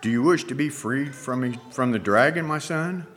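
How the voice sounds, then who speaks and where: A man voicing a grieving, merciful king who speaks in solemn, measured commands in a spoken allegory. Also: mid-range voice, fairly bright tone, pitched above the performer's own voice, lightly acted. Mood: tender.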